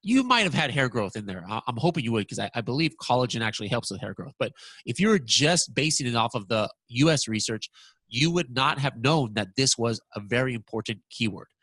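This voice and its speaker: A man presenting a software walkthrough lesson, talking excitedly and stammering when surprised. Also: mid-range voice, a little fast, slightly rough, no room sound.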